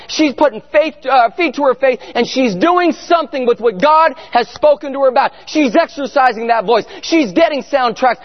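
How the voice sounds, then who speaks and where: A middle-aged man preaching a sermon, telling family stories with animated bursts of shouting. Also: extremely high pitch. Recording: muffled sound in a reverberant hall.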